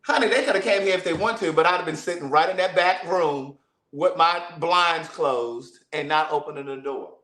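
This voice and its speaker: A man, telling a story to camera in a sassy, profane, animated way. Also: fairly high pitch, normal speed, echoey room. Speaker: vlogger. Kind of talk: casual storytelling.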